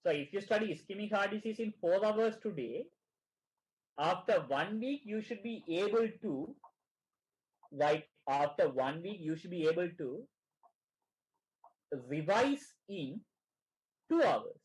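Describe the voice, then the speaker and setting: A man's voice: sits high, moderate pace, low-quality recording. A middle-aged man tutoring students for an exam in an online session, who keeps asking "right?" and repeats his phrases.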